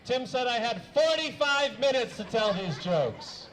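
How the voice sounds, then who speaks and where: A young man with a high voice delivers a deadpan stand-up set on a small stage for a live audience, pacing it a little slowly. He stumbles over words, fills gaps with "uh," and sometimes clears his throat. The audio is poor.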